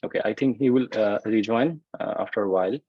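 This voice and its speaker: A man's voice: lowish voice, quick pace, breathy edge, no echo. A man hosting a casual interview over a video call, speaking plainly and steadily with brief affirmations. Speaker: host. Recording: dry, dull call audio.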